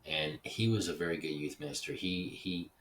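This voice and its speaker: A Texas-raised man with an extremely deep voice, talking in a loose, wandering monologue and swearing casually. The mic sits some distance away, with faint hiss underneath. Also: normal speed, fairly bright tone. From Dallas, Texas (Oak Cliff). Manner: rambling, digressive, swears casually. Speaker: podcast host.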